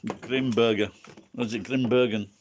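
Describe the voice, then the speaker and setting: A man's voice: medium pitch, fairly even intonation, normal speed, darkish tone, a little hiss or hum. An English man with an English accent, tipsy and rambling, swearing constantly as he chats with viewers on a livestream. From England. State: tipsy from drinking. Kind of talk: rambling casual chat.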